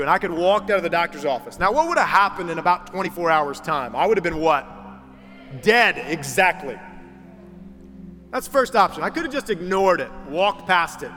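A young adult man preaching a sermon in a large church, telling stories in a relaxed, conversational way and putting on the voices of the people he quotes. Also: sits high, a little fast, long pauses. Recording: reverberant hall with music underneath.

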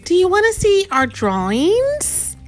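A woman's voice: very high voice, wildly swooping pitch, takes it slowly, faint music behind, voice pushed up, heavily acted. Woman doing a cheerful storybook piggy. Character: cheerful friendly girl pig.

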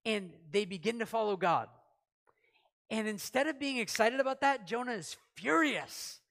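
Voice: medium pitch, expressive, moderate pace, gravelly, fairly bright tone. Pastor, church sermon, conversational, rhetorical questions, acts out quotes. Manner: conversational, asks the congregation questions; acts out short quoted lines. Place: church service.

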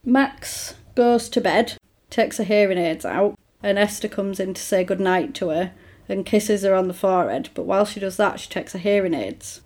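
A woman's voice: mid-range voice, normal speed. Woman chatting casually, retelling a film plot, puts on voices for the characters. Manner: animated, acts out characters' lines in quoted voices.

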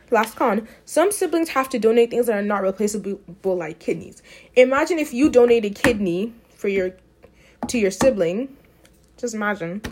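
A woman's voice: medium pitch, darkish tone. A young woman giving an emphatic, opinionated talk in a casual way, often restarting her sentences.

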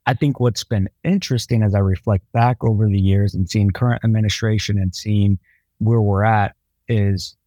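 A man's voice: on the low side, fairly even intonation, moderate pace, warm tone, no room sound. A man as podcast host, thinking aloud in casual conversation.

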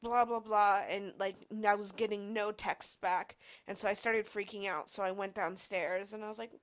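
A woman's voice: medium pitch, steady tone, normal speed. A young woman in her twenties hosting a podcast, telling a personal story casually with lots of "like" and filler words. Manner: rambling, heavy use of "like" and fillers. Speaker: podcast host.

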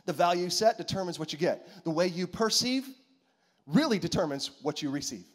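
Male pastor preaching, high voice swooping all over, keeps asking the crowd to repeat stuff. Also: fairly quick. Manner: animated, repetitive, calls to the congregation. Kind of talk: sermon.

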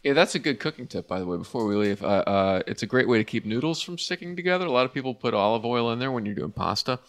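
A man from Pennsylvania joking around in a loose podcast chat. He rambles, fills gaps with uh's and keeps a deadpan delivery. His voice sits in a middle pitch. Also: fast. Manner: rambling deadpan jokes, many fillers. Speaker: podcast co-host. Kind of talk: casual banter.

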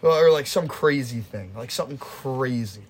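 A young man hosting a casual podcast, telling stories with lively acted-out quotes and plenty of swearing. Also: mid-range voice, normal speed, slight background noise. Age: young adult. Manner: animated storytelling, acts out quotes, swears freely. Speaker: podcast host. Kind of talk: casual chat.

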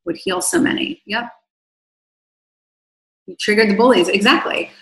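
A woman coaching viewers on a livestream, reading their comments aloud and answering at length. Her voice is gravelly with vocal fry and is wearing thin after talking for a long time. The sound carries the echo of the room around her. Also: a little high, very animated, normal speed. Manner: effusive, rambling, warm toward viewers. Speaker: online coach.

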